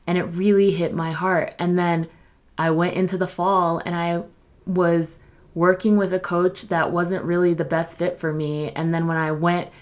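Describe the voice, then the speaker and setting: A young woman hosting her own podcast, telling a personal story in a candid, confessional way and acting out her past thoughts. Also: on the low side. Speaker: podcast host, doula and coach. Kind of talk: solo podcast monologue.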